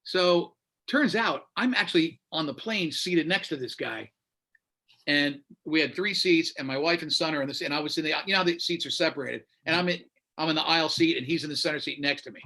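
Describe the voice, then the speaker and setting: In Florida, a U.S. radio host with a fairly high pitch speaks briskly while telling a story in casual conversation. He's animated, imitating the voices of those he quotes.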